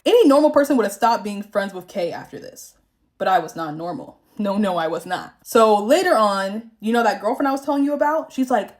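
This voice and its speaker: A woman's voice: medium pitch, expressive, brisk. A young woman from the Southern United States, chatting frankly and profanely while doing her makeup, telling a story about a fake friend. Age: young adult. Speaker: vlogger.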